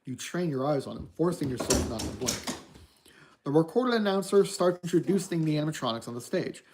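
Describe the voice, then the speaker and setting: Mellow-voiced streamer reading a story aloud. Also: medium pitch, sing-song, fairly quick, a little hiss or hum. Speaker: streamer reading an interactive book.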